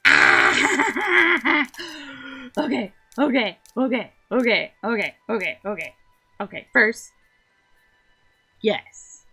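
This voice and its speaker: A woman's voice: mid-range voice, lively intonation, slow pace, pauses often, a bit bright, slightly rough, soft background music. A woman from the Southern US chatting casually as she streams a game, giggly and rambling.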